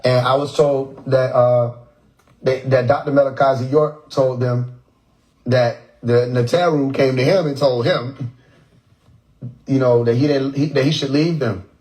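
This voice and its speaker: Joking and cursing on a laid-back phone livestream, a man mimics people's pronunciations by repeating words in their tones. He speaks at medium pitch, unhurried and a little mellow, with fairly even intonation, and the audio is poor.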